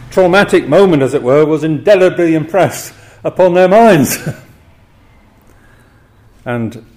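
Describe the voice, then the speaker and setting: A man's voice: a little high, a little mellow. An older man preaching an expository sermon, often chuckling between points and voicing the quoted cries with drama.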